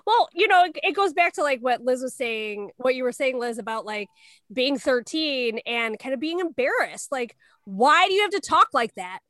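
A woman co-hosting a podcast who asks guests questions in casual chat, talking quickly with many restarts. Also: sits high, animated, a bit bright, no echo. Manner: quick, lots of likes and restarts. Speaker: podcast co-host.

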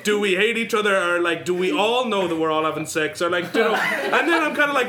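A man's voice: sits high, expressive, fairly quick. A man, an actor talking about his role, rambling and hesitant with chuckles. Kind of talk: casual chat. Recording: chattering crowd behind.

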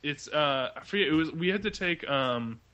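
A man's voice: on the high side, animated, normal speed, sharp tone. A man co-hosting a casual film podcast, talking at length with frequent hesitations and fillers. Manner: rambling, many "uh" and "um" fillers. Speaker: podcast co-host.

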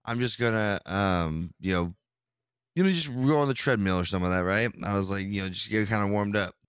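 A man telling a story in casual chat, rambling and animated, with many restarts. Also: fairly low pitch, fairly quick, clear, resonant tone, no room sound. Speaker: podcast co-host telling a story.

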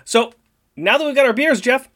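A man co-hosting a casual comic podcast, teasing and quick to jump in with corrections. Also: very high-pitched, animated, a bit bright. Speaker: podcast co-host. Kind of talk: casual comic book recap.

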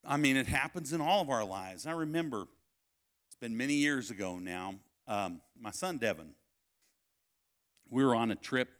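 A man preaching a sermon at a family camp, telling a personal story, swinging between loud calls and hushed asides. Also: medium pitch, animated, moderate pace, long pauses.

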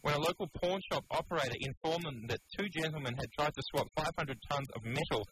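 A man's voice: a little high, fast. A man with an Australian accent co-hosting a comedic radio show, joking and laughing between lines. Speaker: radio co-host. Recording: loud noisy radio broadcast.

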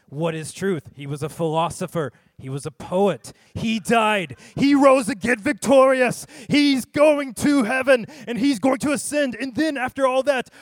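A pastor doing a booming movie-trailer announcer. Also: male voice, dry recording, clean studio sound. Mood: triumphant. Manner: swelling, dramatic, rising to shouts. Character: booming movie-trailer announcer, male adult, over-the-top.

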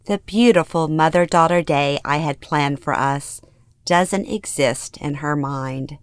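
Earnest middle-aged woman, low, dry. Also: a little slow, clear, resonant tone, dry recording. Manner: earnest, emotionally expressive storytelling. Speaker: memoir narrator. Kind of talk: first-person memoir reading.

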